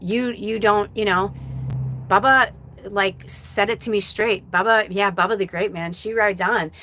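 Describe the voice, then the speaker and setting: A woman's voice: mid-range voice, steady tone, measured pace, sharp tone, a little hiss or hum. A middle-aged woman hosting a live stream as a medium, talking casually and from the heart, rambling with many fillers.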